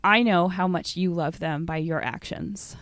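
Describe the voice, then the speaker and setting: A woman's voice: lowish voice, unhurried, fairly bright tone, no echo. A woman co-hosting a podcast, chatting casually and giving strong opinions, often saying "like". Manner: chatty and opinionated, fills talk with "like". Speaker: podcast co-host. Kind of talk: casual chat about musical theater.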